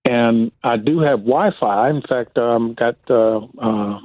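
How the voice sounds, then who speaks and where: A man calling in from a rural cabin, speaking slowly and hesitantly with many pauses. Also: medium pitch, no room sound. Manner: slow, hesitant, lots of uhs. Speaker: caller. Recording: tinny dry phone line.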